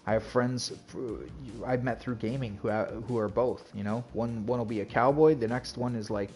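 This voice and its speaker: A man's voice: mid-range voice, steady tone, moderate pace, darkish tone, faint music behind. A man chatting casually on a game livestream, rambling and greeting viewers. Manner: rambling, chatty, full of "like" and "you know". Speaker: streamer. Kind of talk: casual livestream chat while gaming.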